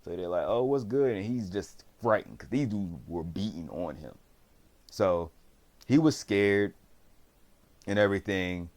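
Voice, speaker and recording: Slangy, rambling man with a lowish voice. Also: unhurried, pauses often. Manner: slangy, rambling storyteller who acts out quotes. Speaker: drama reviewer. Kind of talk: casual recap of a TV series.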